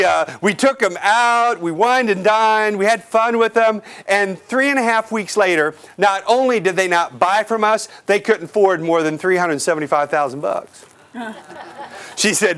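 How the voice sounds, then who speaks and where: A man giving an energetic real estate sales training seminar to a live audience, asking the crowd questions and acting out clients. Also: fairly high pitch. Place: office or meeting room with an audience.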